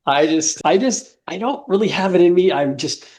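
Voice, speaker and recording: A man's voice: high-pitched, animated, moderate pace, darkish tone. A man in his fifties, a musician guest telling rambling stories in a casual interview, laughing often and acting out quotes.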